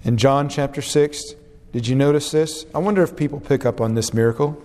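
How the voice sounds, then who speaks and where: A man's voice: fairly quick, a little mellow. Earnest preacher man in a reverberant hall. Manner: earnest, dramatic scripture reading with wide pitch swings. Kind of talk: sermon.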